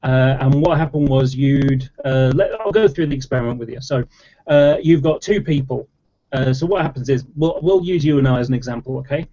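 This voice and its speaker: A man with a mellow, medium-pitched voice talks fairly quickly, rambling on at length in a casual online chat debate, full of fillers and restarts. The audio is dull and lo-fi.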